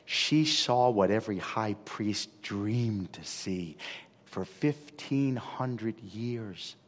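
A male pastor preaching a sermon dramatically, dropping to hushed tones and then building to loud, emphatic peaks. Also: on the low side, extremely slow. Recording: reverberant hall.

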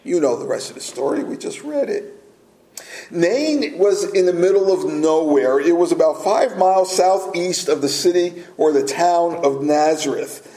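A man preaching a sermon as pastor, speaking deliberately and pausing for emphasis. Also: on the high side, lively intonation, mellow. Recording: echoey room.

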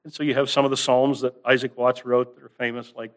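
His voice is mid-range with a level tone. In an earnest teaching sermon, he emphasizes important phrases by drawing out the words and building the stress upward.

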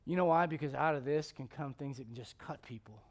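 A man preaching a sermon as a pastor, swinging from loud emphatic lines to hushed ones, with joking asides. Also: mid-range voice, brisk.

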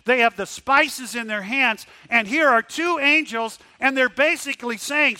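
A man preaching a sermon, swinging from loud rising questions to hushed, low tones, often repeating words as he restarts. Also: a little slow, no echo. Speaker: pastor.

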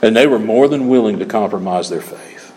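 A man's voice: lowish voice, a little fast, darkish tone, slight background noise. A man preaching a sermon with emphatic, repeated key phrases, in a church. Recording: long hall reverb.

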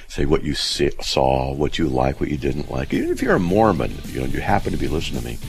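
A man hosting a call-in radio show, telling a story in a lively, animated way with many restarts. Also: a bass voice, fast, creaky, over music, rough recording. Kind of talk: casual call-in radio talk.

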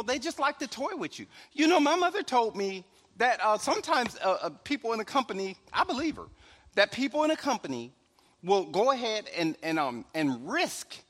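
In a church hall full of long echo, a man whose pitch is extremely high preaches casually. The pastor sprinkles his talk with chuckles and the occasional "right?"

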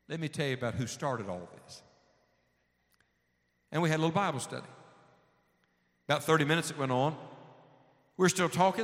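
A man preaches a sermon, sharing a personal story in a folksy manner and acting out the dialogue. His voice is slightly high with a fairly bright tone, and a long hall reverb surrounds it.

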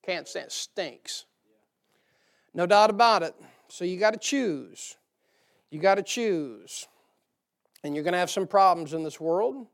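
Preacher guy, high gravelly voice, folksy sermon with jokes and loud emphatic bits. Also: a little slow, long pauses. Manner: folksy, humorous, rising to emphatic bursts. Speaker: pastor. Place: church sanctuary.

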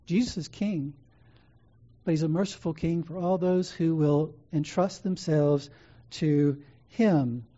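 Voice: medium pitch, slow pace, mellow. A preacher delivering an earnest sermon, repeating key phrases with emphatic build-ups, in a slightly dull recording.

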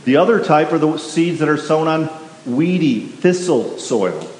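A man's voice: a little high, very animated, unhurried, darkish tone. Man preaching in an echoey hall. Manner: emphatic, repetitive, asks the congregation questions. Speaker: pastor. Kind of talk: sermon. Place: church sanctuary. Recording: echoey hall with faint hiss.

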